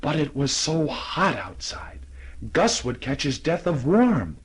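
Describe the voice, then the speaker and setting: A man narrating a children's storybook in an animated, expressive reading. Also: a little high, slow, breathy edge, poor audio. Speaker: audiobook narrator.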